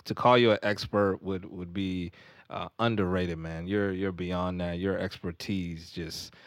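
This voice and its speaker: A man's voice: low-pitched, steady tone, measured pace, no echo. A man hosting a podcast in casual chat, laid-back and slangy. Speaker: podcast host.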